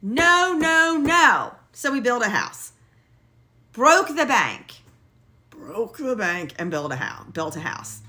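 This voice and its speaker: A middle-aged woman casually telling a personal story in a blunt, lively way, swearing now and then. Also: on the high side, unhurried, few pauses.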